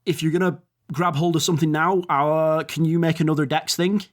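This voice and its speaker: A man's voice: a little high, steady tone, fairly quick. A man narrating as game master, rambling and descriptive with fillers.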